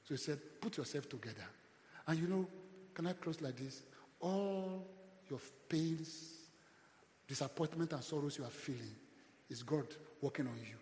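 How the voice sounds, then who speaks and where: A man with a Nigerian accent preaching a sermon as a pastor, with call-and-response and loud rising swells. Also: fairly high pitch, moderate pace, echoey room, in a large hall, a little hiss or hum.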